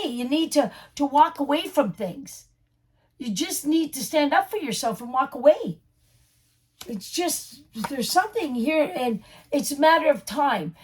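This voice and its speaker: High-pitched lady doing a chatty tarot reading, keeps reassuring you and repeating herself. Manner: reassuring, repetitive, addresses viewer directly. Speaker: tarot reader. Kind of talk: casual tarot reading to camera.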